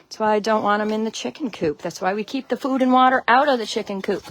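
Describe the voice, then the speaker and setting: A Connecticut woman, with the accent to match, talks fast in a slightly high, echo-free voice during a casual phone livestream from her snowy chicken run. She says hello to viewers one by one and laughs readily. Walking as she goes, she's a friendly, rambling host who never lets the chat stall.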